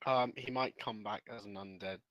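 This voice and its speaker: A man's voice: fairly low pitch, fairly even intonation, normal speed, fairly bright tone, no room sound, rough recording. A man playing in an online tabletop game, giggly and scattered, often losing his train of thought. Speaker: player. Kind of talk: casual chat during an online game.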